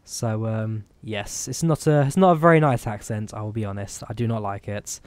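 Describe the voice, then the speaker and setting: A man's voice: lowish voice, normal speed, few pauses, no echo. Chatty man with a Midlands-tinged accent. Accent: Midlands English mixed with Eastern European. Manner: chatty, rambling, self-deprecating. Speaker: streamer. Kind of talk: casual gameplay commentary.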